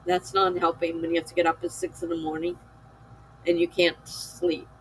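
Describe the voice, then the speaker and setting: A woman's voice: lowish voice, monotone, a little hiss or hum, poor audio. A tired woman chatting casually with her live-stream viewers, weary and given to laughing. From United States. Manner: slow, weary, laughs often. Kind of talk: casual chat with chat readers.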